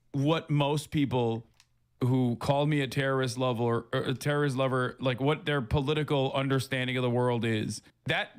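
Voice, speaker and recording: A man hosting a casual livestream, reading viewer comments aloud in a mocking tone and laughing often between quick asides. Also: medium pitch. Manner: reads chat messages in a mocking tone, laughs often, fast asides. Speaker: livestream host.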